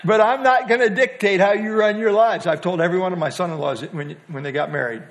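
An older man giving a casual Bible teaching on a passage, talking in a folksy, halting way with light humor and frequent pauses to restart his sentences. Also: high voice, a little hiss or hum.

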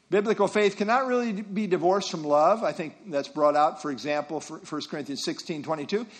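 An older man preaching an expository sermon, teaching through verse references and rhetorical questions. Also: sits high.

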